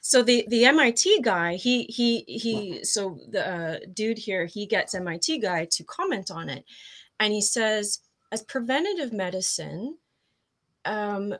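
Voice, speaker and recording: A woman's voice: mid-range voice, animated, measured pace, a bit bright. A woman guest coach explaining ideas in a casual interview, tripping over her words and laughing at herself.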